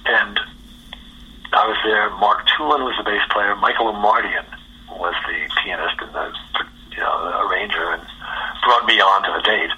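Older male guest from New York, salty anecdote-teller with a tense, husky edge. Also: fairly low pitch, low-quality recording. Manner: profane, lively anecdote-teller. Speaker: guest guitarist. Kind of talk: casual storytelling interview.

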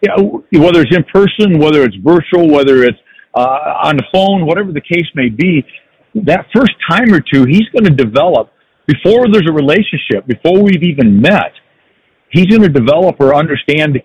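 Older man, husky reflective storyteller. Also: on the high side, expressive, normal speed, darkish tone, no echo, muffled recording. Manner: reflective storytelling with frequent restarts. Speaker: podcast guest, sales professional. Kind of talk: casual podcast conversation.

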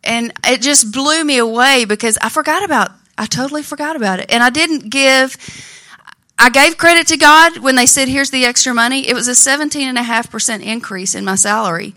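A middle-aged woman shares a heartfelt testimony with her church in a clear, bright voice that sits a little higher than most. She tells her story with earnest, personal conviction from the front of the congregation. Her tone stays sincere and open throughout. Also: fairly quick. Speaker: church member giving testimony. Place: church sanctuary.

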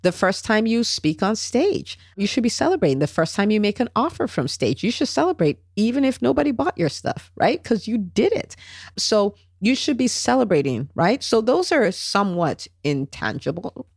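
A woman hosting a solo podcast, coaching in an animated, chatty way and checking in with "right?" and "okay?". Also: medium pitch, normal speed, no echo, studio quality. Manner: animated, acts out quoted voices, tag questions. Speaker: podcast host, business coach.

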